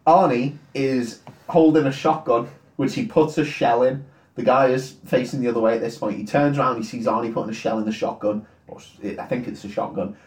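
A man's voice: mid-range voice, steady tone, brisk, a little mellow. A man, co-hosting a podcast and retelling a film's plot in a sweary, laughing, casual way. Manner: sweary, storytelling recap, laughs often. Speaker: podcast co-host. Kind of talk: casual chat retelling a film. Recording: roomy, distant mic.

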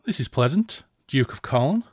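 A man's voice: mid-range voice, sing-song, moderate pace, a little mellow, slightly rough, no room sound, studio quality, pitched above the performer's own voice. A man voicing a malicious male warlord who speaks with theatrical, gloating relish.

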